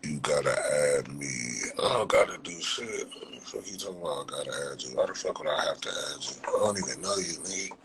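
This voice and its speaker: A young man with a deep voice talks fast and loosely on a phone livestream, with background noise behind him. His casual chat is packed with street slang and profanity, and he keeps breaking into laughter.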